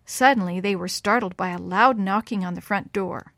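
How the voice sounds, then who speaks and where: Gentle woman reading a children's story. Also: medium pitch, moderate pace, gravelly, no echo, studio quality.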